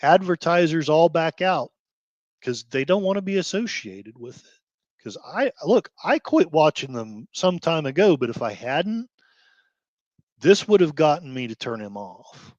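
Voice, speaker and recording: A man on a dull, dry recording, delivering an emotional commentary rant. He swings between quiet, sighing stretches and quick, heated bursts. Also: on the high side, big pitch swings, no echo. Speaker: blogger host.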